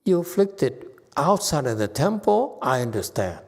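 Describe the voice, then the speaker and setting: A man delivers a Buddhist lecture in a temple, slow and deliberate. He is blunt, sarcastic and scolding. His slightly high voice rings with a long hall reverb. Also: big pitch swings, gravelly, darkish tone. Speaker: Buddhist teacher. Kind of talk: Dharma lecture.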